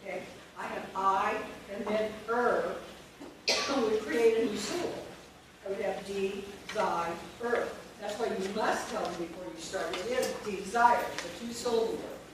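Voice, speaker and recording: A woman's voice: medium pitch, steady tone, normal speed. A woman leading a phonics training workshop for teachers, drilling sounds and syllables and quizzing the room. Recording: echoey room, distant mic, noisy.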